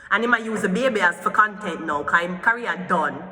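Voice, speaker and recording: A woman's voice: medium pitch, a little fast, pushed and bright, in a large hall. Profane, heated woman ranting. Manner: profane, heated, swearing often. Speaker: tarot reader. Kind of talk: ranting gossip commentary.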